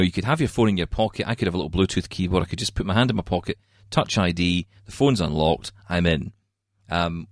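A Scottish man hosting a casual tech talk show from his home studio, ranting with lively energy. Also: deep voice, dry recording. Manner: animated ranting. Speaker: podcast host.

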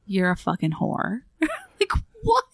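A woman co-hosting a casual movie podcast, lively and blunt, acting out lines from the film. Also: medium pitch, a little slow, creaky, no room sound, studio quality. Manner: animated, acts out quotes, swears and laughs. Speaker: podcast co-host. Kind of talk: casual movie review chat.

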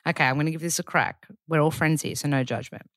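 Low-voiced woman chatting casually. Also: steady tone, fast talker, a bit bright, no echo, clean studio sound. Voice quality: naturally very low register. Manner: chatty, rambling with many fillers. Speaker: podcast host. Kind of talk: casual diary-style chat.

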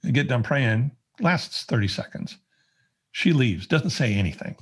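A man's voice: mid-range voice, lively intonation, a little slow, breathy edge. A man telling a personal story as a podcast guest, in a conversational way with many fillers and restarts. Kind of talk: casual storytelling.

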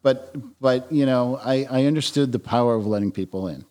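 A man as a podcast guest, talking reflectively with frequent restarts and soft trailing phrases. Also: medium pitch, fairly quick, clear, resonant tone. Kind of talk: conversational interview.

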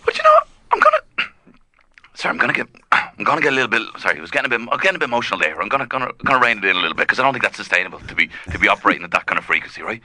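A man's voice: extremely high pitch, very animated, fairly quick, a little hiss or hum, full character voice. A man playing a brash, overwrought young caller who boasts he is hard. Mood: gruff. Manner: boastful, overwrought, swinging between shouting and mumbling. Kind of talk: improvised comedy.

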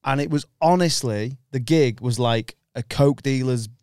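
A man's voice: medium pitch, unhurried, a little mellow, smooth, no echo, studio quality. A man, a stand-up comedian guesting on a podcast, chatting casually, rambling, swearing freely and laughing often. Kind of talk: casual banter.

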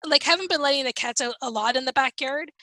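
A woman's voice: high-pitched, fast talker, bright, forceful tone, no room sound. A woman co-hosting a podcast, chatting casually and rambling with many restarts. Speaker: podcast co-host. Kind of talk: casual chat.

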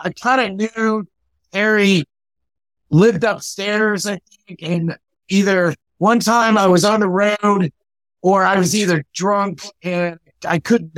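A man in a casual memorial chat, telling stories in a rambling, halting way with many fillers. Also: high-pitched, fairly bright tone, no room sound.

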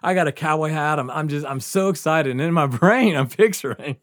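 A podcast host with a slightly high voice talks fairly quickly as he recounts a wild story. He's casual and animated, swearing and laughing often.

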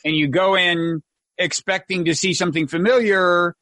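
A man's voice: high voice, fairly even intonation, normal speed, bright, forceful tone, no echo. A man hosting a podcast interview, asking probing questions with a wry, dry humor. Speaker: podcast host.

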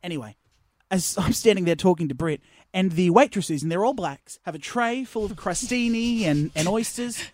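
A man co-hosting radio, telling self-mocking stories in a lively voice that swoops widely in pitch. He jumps into silly voices for the people in his anecdotes. The sound is close and dry. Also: moderate pace, dry recording. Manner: animated, acts out other people's lines in exaggerated voices. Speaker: radio co-host. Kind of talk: comic storytelling on radio.

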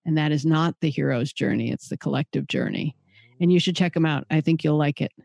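A man's voice: a little high, a little fast, creaky, darkish tone, no echo, studio quality. A man hosting a podcast, asking questions in a friendly, slightly unsure way and reading a closing outro. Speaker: podcast host. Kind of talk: casual interview, then scripted outro.

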